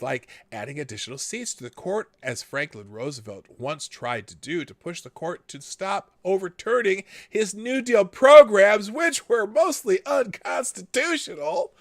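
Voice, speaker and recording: Male streamer host, animated delivery, sardonic commentary over read-aloud articles, dry sound. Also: on the high side, dry recording. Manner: wry, chuckles while reading, frequent asides. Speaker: live-stream show host.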